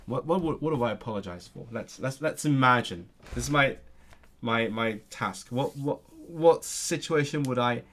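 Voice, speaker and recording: A man's voice: medium pitch, animated, normal speed, fairly bright tone. A man on a casual live stream, thinking aloud as he works through language exercises, hesitating often and repeating words.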